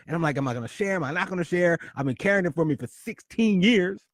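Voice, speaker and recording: A man hosting a talk show, telling a personal story with dramatic swings between loud excitement and hushed confession. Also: high voice, fast, few pauses, dry recording, studio quality. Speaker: podcast host.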